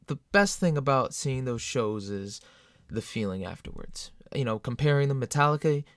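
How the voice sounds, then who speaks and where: A man telling concert stories in casual vlog style, excitable and animated, with sudden loud jumps. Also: medium pitch, dry recording, clean studio sound. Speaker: metal fan vlogger. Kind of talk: casual storytelling to camera.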